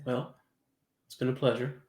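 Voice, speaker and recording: A stiff, imposing nobleman, voiced by a man at the game table. He talks in a quiet, clipped, formal way, and the room gives the voice a noticeable echo. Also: medium pitch, little pitch movement, moderate pace, close to an everyday voice. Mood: cool, formal. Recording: roomy echo.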